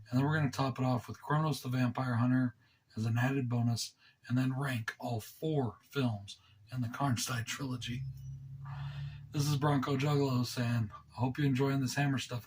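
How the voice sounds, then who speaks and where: A man hosting his own movie review channel, talking low and rambling casually with a sore throat. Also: moderate pace, slight background noise. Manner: relaxed, rambling, enthusiastic with fillers.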